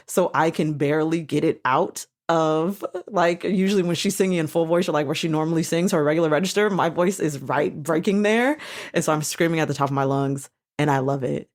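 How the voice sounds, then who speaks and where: A woman hosting a podcast in casual chat, animated, swearing now and then and breaking into bits of songs. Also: low voice, moderate pace. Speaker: podcast host.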